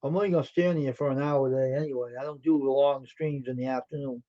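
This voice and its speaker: Hosting a live stream, a man with a warm, steady, mid-range voice talks quickly and casually, answering viewers' messages out loud while yawning and sounding tired. The stream audio is dull and lo-fi.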